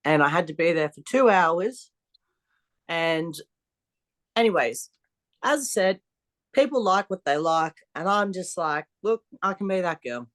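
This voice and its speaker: Her voice is fairly low, and she speaks at a measured pace with frequent pauses. A strongwoman athlete guesting on a podcast, she tells blunt, expletive-laden stories in a casual interview, animated and free with her swearing.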